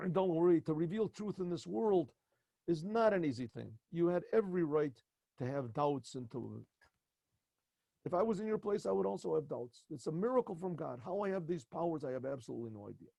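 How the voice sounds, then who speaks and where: A man's voice: fairly high pitch, animated, fairly quick, creaky, dark tone, no echo. A man voicing a wise, kind old Hasidic rebbe who speaks reassuringly in a storytelling.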